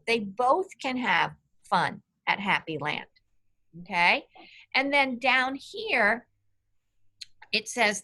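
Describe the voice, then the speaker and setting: Woman teacher, patient online reading lesson, slow and bright, slightly high voice. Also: animated. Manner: patient, clear, asks children questions by name.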